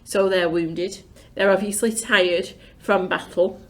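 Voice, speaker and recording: A woman tells a history lesson in a chatty, wry way. Her voice sits at an ordinary middle pitch. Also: steady tone, takes it slowly, fairly bright tone. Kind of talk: casual classroom chat.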